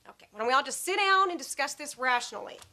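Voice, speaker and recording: A patronizing amateur-therapist aunt. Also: female voice, sits high, expressive, quick pace, pushed and bright. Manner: soothing, patronizing therapy-speak. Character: self-assured aunt playing amateur family therapist. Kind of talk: multi-camera sitcom acting.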